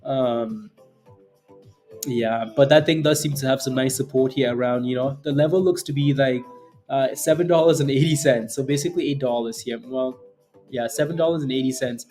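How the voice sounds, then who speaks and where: A man streams live, reading viewer questions and talking through prices in an easy, rambling way with plenty of fillers and repeated phrases. His voice is mellow and dark, sitting at an average pitch. Faint music plays underneath. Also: normal speed. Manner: chatty, laughs often, repeats phrases, many fillers. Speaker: stock trading livestream host. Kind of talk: casual live commentary answering chat.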